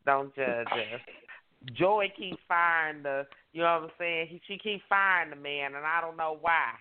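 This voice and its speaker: A man's voice: on the high side, normal speed, noisy background. A man hosting an online radio show, hyped and repetitive, calling out to his listeners. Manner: hyped, repetitive, call-and-response. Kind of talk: casual radio show talk. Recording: tinny phone line.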